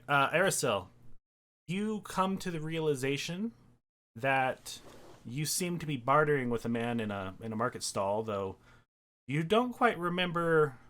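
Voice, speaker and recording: A man's voice: mid-range voice, fairly bright tone. A man running a tabletop game as dungeon master, narrating with hesitant fillers. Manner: hesitant, with many fillers and laughs.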